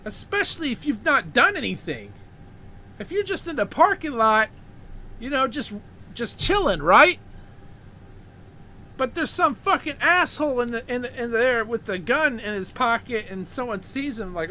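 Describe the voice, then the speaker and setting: Man, bright sharp tone, profane heated monologue, faint background noise. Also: very high voice, big pitch swings, normal speed. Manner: heated, profane, repeats words when worked up. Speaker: show host.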